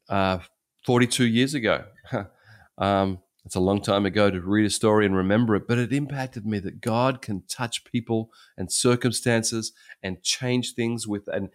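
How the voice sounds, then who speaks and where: Deep-voiced older man preaching. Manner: conversational, repeats and restarts phrases. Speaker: pastor. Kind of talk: sermon storytelling.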